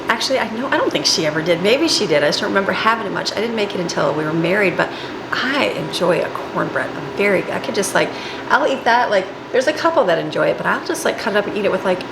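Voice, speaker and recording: A woman's voice: medium pitch, creaky. A woman talking casually while baking in her home kitchen, rambling and laughing easily as she works. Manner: rambling, laughs often, talks while cooking. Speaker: homemaker and mom baking at home. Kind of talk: casual chatty kitchen vlog. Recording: noisy home kitchen recording.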